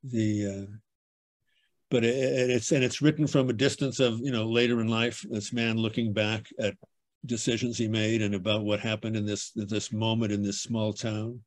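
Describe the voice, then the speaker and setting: A man's voice: on the low side, little pitch movement, normal speed, dry recording. Rambling older man telling a story. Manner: rambling, warm storytelling with restarts. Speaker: book club host and bookseller. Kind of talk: casual book club chat. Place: video call. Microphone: video call.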